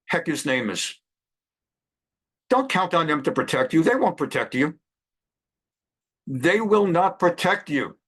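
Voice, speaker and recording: Stern scolding older man, high voice. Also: a bit bright. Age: 70s. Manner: scolding, emphatic, fires rhetorical questions. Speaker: rabbi and law professor. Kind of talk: impassioned direct-to-camera address.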